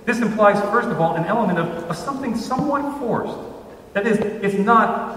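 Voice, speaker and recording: A male pastor delivers a measured sermon in a big church sanctuary, leaning on slow, deliberate pauses whenever he quotes scripture. His voice sits a bit high and reaches the mic from a distance, with a long reverberant tail off the room and faint ambient noise underneath. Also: sing-song, a bit bright. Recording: roomy church hall from far off.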